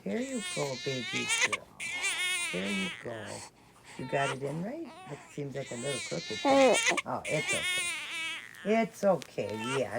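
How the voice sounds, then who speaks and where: A woman vlogger soothes her dolls in cooing mother talk and explains each step to viewers. Her voice sits low with a lively, swinging melody and a gravelly texture. Loud baby crying fills the background. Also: heavy background noise. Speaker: vlogger caring for reborn dolls. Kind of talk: casual show-and-tell vlog. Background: recorded baby crying.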